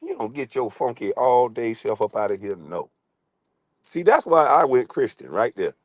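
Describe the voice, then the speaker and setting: A middle-aged man streaming a profane comic rant, crude, loud and laughing often. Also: mid-range voice, animated, normal speed, no echo.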